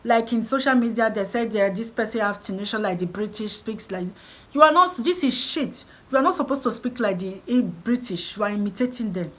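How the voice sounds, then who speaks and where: A woman's voice: a little high, fairly quick, a bit bright, rough recording. Emphatic Nigerian woman vlogger. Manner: emphatic, repetitive, preaching tone. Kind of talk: encouraging vlog talk.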